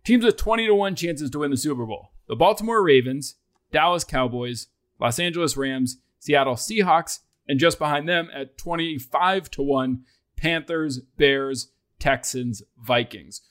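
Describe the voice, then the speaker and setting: A man with a slightly high voice hosts a sports talk show. His delivery is loose, chatty and easygoing, full of asides as he walks through the betting odds. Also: unhurried, a bit bright. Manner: chatty, loose, self-deprecating. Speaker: podcast host. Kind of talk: casual sports chat.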